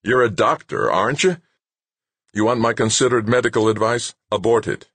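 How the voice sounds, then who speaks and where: A man voicing a gruff, no-nonsense middle-aged male doctor who snaps his words in an audiobook. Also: lowish voice, lively intonation, normal speed, a bit bright, dry recording, pitched above the performer's own voice, full character voice. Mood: curt. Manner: curt, snapping.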